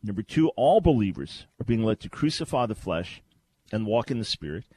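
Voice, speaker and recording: A man's voice: fairly low pitch, very animated, brisk, darkish tone, breathy edge, dry recording. A man hosting a Christian call-in radio show, teaching in an earnest, conversational way with frequent restarts. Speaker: radio talk show host. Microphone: studio microphone.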